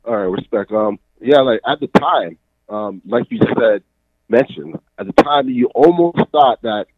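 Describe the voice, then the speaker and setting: A man co-hosting a casual music podcast, laid-back and trailing off softly at the ends of thoughts. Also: mid-range voice, animated, unhurried, no room sound. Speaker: podcast co-host. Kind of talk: casual chat. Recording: dull lo-fi dry sound.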